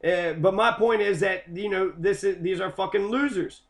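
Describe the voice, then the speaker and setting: A man's voice: sits high, moderate pace. A man from Kentucky giving a heated, sarcastic, profanity-filled monologue about local history. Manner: heated, sarcastic, constant swearing.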